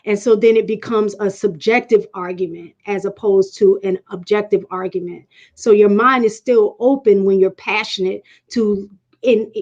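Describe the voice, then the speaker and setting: A woman speaks as a panel guest, laying out her point step by step in a measured way, often restarting her words. Her voice sits at a middle pitch. The audio sounds dull and slightly muffled, like a lo-fi line. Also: darkish tone. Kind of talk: explanatory casual talk.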